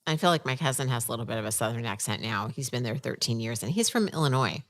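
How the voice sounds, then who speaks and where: A woman in her forties from Northern Virginia, co-hosting a podcast and telling stories in an animated way with frequent laughter. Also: rumbling low, fast talker. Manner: animated storyteller, laughs often. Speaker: podcast co-host. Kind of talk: casual chat.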